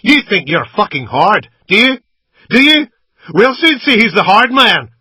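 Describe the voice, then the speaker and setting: A man's voice: sits high, sing-song, a little slow, pushed and bright, breathy edge, no room sound, voice pushed up, full character voice. A man voicing a drunk, violent male gunman who is out of control, screaming and ranting threats. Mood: screaming rage. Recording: muffled lo-fi recording.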